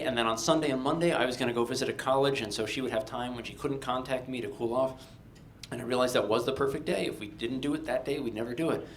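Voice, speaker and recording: A man from Delaware tells a personal story on stage, wry and animated, landing jokes with dry timing. His voice sits at a middle pitch. A faint low rumble hums underneath. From Delaware, USA. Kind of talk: live personal storytelling for an audience.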